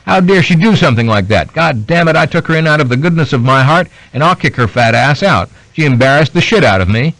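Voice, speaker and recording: A man voicing an enraged middle-aged man who shouts curses and threats. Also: on the high side, expressive, quick pace, hardly any pauses, no echo, voice pushed up, rough recording. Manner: furious, cursing, then hurt.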